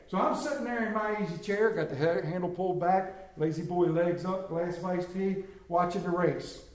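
Male preacher, high voice, lively storytelling sermon in a roomy hall. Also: normal speed, few pauses. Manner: animated, acts out bible characters, addresses congregation by name.

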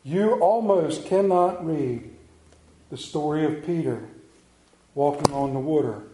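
A man preaching a sermon, telling Bible stories and acting out the characters, swinging between loud bursts and quiet low passages. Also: takes it slowly, echoey room, low-quality recording. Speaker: pastor.

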